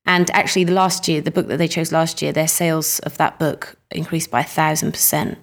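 A woman co-hosting a podcast in casual chat, animated and quick to laugh. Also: sits low. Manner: chatty, laughs easily, animated. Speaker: podcast co-host.

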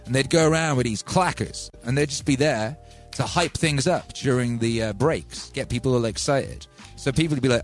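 A man from England hosting a livestream, telling stories in a rambling, animated way with many asides. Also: medium pitch, moderate pace, faint music behind. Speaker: livestream host and music producer. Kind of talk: casual storytelling on a stream.

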